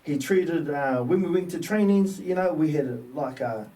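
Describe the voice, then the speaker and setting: A New Zealand man in his fifties, a former rugby player, telling stories as a guest in a relaxed, slangy way. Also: on the high side, moderate pace. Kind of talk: casual storytelling. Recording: distant mic with faint background noise.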